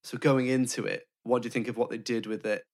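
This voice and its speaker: A man's voice: mid-range voice, little pitch movement, fast, a little mellow. A man co-hosting a podcast, talking through films in a thoughtful, list-building way. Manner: thoughtful, builds points in lists. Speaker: podcast co-host. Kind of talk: casual film discussion.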